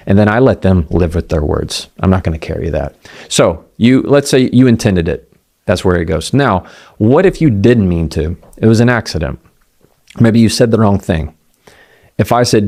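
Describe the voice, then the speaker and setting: A middle-aged man gives a motivational talk on communication. He speaks conversationally, acts out quoted voices and slows down to land key points. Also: on the low side, expressive, creaky, warm tone. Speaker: communication coach.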